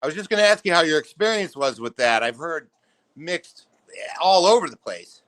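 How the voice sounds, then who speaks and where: A man's voice: a little high, big pitch swings, normal speed, a bit bright. A middle-aged man, telling blunt, exasperated stories as a guest on a friend's show. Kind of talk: casual chat.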